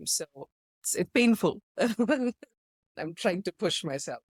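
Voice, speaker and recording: A woman's voice: medium pitch, lively intonation, slow, breathy edge, dry recording, studio quality. A woman co-hosting a casual podcast, telling stories animatedly and laughing often. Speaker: podcast co-host. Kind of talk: casual chat.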